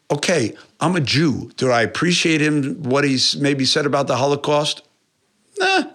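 A man from New York, a musician, talking in a casual interview, animated, swearing often and rambling with many restarts. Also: fairly high pitch, moderate pace. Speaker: musician guest.

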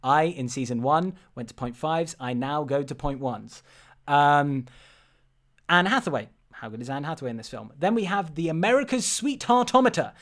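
A man hosting a casual film podcast, animated and stumbling over his words, swearing often. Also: medium pitch, normal speed. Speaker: podcast host.

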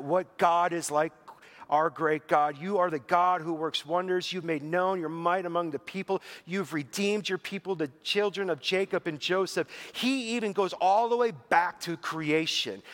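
A man preaching in a conversational, earnest way, leaning on "like" as a filler and paraphrasing a psalm aloud. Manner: conversational, earnest, heavy use of "like"; voice drops low and soft toward the end. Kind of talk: sermon.

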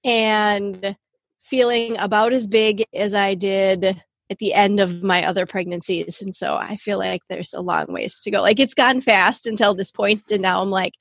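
A woman's voice: mid-range voice, steady tone, unhurried, vocal fry, dry recording, clean studio sound. A woman in her thirties from Minnesota with a Minnesotan accent, co-hosting a podcast in casual chat and laughing often. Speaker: podcast co-host.

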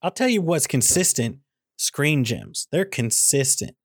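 A man's voice: on the high side, sing-song, measured pace, breathy edge, dry recording, studio quality. A man co-hosting a casual comedic movie chat, teasing his co-host with mock exasperation. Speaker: podcast co-host.

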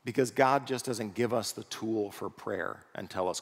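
A pastor preaching a sermon in a conversational way, often checking in with the congregation through rhetorical questions. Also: male voice, on the low side, moderate pace, husky. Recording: long reverb of a large hall.

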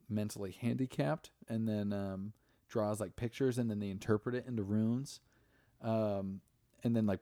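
A man's voice: fairly low pitch, mellow, no echo, clean studio sound. Profane young man recapping a film. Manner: profane, rambling, acts out characters' lines. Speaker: podcast host. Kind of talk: casual chat, movie recap.

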